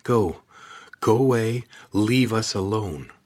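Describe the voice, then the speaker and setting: A headstrong teenage girl barks short, curt commands, voiced by a man reading aloud. The voice is husky and raised a little higher than a low baseline. She sounds guarded and sharp. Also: normal speed. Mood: commanding. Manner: abrupt, commanding.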